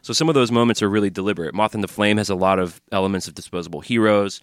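A man's voice: fairly low pitch, very fast, no echo, studio quality. A man co-hosting a podcast in casual chat, upbeat and crude-humored, plugging the show and reading emails. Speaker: podcast co-host. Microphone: studio microphone.

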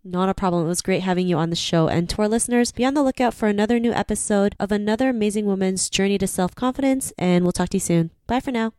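A woman's voice: medium pitch, fast talker, hardly any pauses, darkish tone, dry recording. A woman hosting a podcast interview, chatty and full of "you know" fillers. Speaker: podcast host.

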